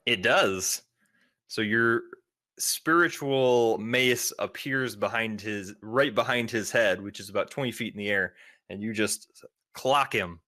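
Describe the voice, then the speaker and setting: Bright-voiced man running a tabletop game. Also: on the low side, unhurried, dry recording. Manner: lively, vivid scene narration. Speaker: game master.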